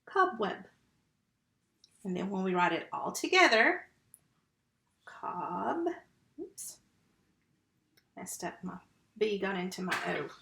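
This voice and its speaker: A woman who teaches first grade, giving a slow, patient remote phonics lesson and sounding out syllables and letters. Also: mid-range voice, big pitch swings, gravelly, sharp tone, reverberant.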